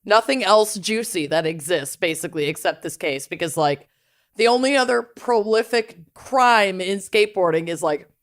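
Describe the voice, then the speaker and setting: A woman's voice: mid-range voice, moderate pace. A woman co-hosting a casual true crime podcast, wry and sarcastic, laughing often. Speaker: podcast co-host.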